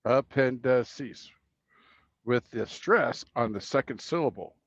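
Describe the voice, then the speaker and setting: A man co-hosting a trucking livestream, calmly explaining news and reading answers aloud. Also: fairly low pitch, normal speed, no echo, lo-fi sound. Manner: calm, informative, reads answers aloud. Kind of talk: casual livestream chat.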